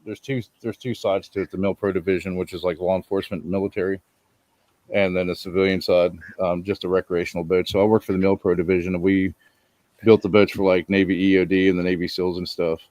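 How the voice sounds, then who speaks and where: A man's voice: sits low, little pitch movement, fast talker, darkish tone, no room sound. A man in his thirties hosting a casual chat, telling a long rambling story with lots of ums. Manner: laid-back rambling storyteller, frequent ums. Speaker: podcast host.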